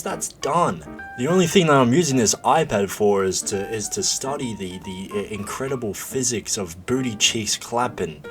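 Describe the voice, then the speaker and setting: Profane, excitable young man telling a story. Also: fairly low pitch. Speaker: vlogger. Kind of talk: confessional comedy storytelling.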